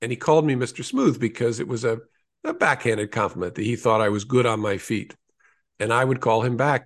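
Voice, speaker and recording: A man in his sixties talks about his writing as an interview guest. His voice sits in a middle register, and his answers are earnest and reflective. He tells his stories at an unhurried pace, now and then pausing to restart a thought. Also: medium pitch. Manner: earnest, storytelling, with small restarts.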